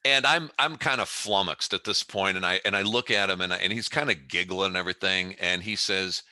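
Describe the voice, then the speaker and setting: A man's voice: low voice, a little fast, no room sound. A man in his fifties, a company CEO, telling a story as an interview guest and acting out the scene as he goes. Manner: animated storyteller who acts out the scene.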